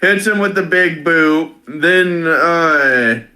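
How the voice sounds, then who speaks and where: A man co-hosting a casual review chat, recounting events haltingly. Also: on the high side, sharp tone. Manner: halting, many fillers and restarts while recounting. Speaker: co-host reviewing wrestling.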